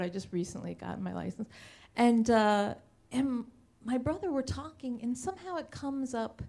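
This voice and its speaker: A woman's voice: on the high side, a little mellow. A woman telling a personal story on stage at a live show, chatty and self-mocking, acting out what others said. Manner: chatty, self-mocking, full of restarts and quoted voices.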